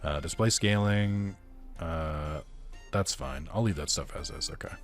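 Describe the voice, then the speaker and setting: A man's voice: very deep voice, a little slow, faint music behind. A young man hosting a casual let's-play, tossing off sarcastic, profane asides. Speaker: gaming video host.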